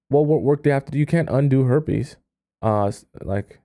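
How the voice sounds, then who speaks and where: A man hosts a dating-advice live stream in a mellow, warm voice. He talks in quick, animated bursts, reads viewer questions aloud and answers them with sarcastic asides. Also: fairly low pitch. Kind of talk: casual live stream chat.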